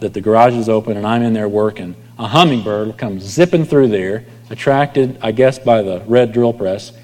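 A man's voice: mid-range voice, darkish tone. A male pastor preaching a sermon in a conversational way, often trailing off to near whispers at the ends of lines. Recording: long hall reverb.

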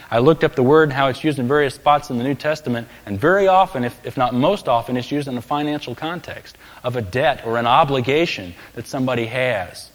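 A male preacher delivering a sermon in a large church sanctuary, his mid-pitched voice carrying a long hall reverb. He speaks with emphatic rises on key phrases, then settles back into storytelling. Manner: emphatic, building to raised peaks on key phrases.

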